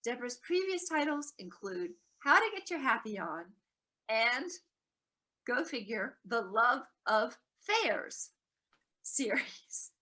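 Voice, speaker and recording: A woman's voice: fairly high pitch, very animated, slow, bright, forceful tone. A woman hosting a webinar, introducing the guest speaker over a video call.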